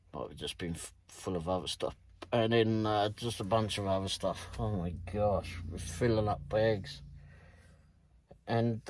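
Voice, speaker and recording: A middle-aged British man recounting his delivery shifts in a rambling, casual way, swearing freely and chuckling. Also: on the low side. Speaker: delivery driver vlogger. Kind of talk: casual storytelling vlog.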